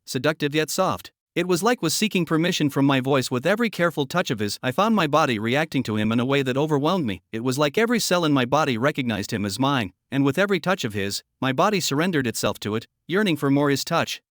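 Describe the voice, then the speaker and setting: A man's voice: on the high side, dry recording, studio quality. Man reading a romance story. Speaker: story narrator. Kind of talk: scripted first-person audiobook narration.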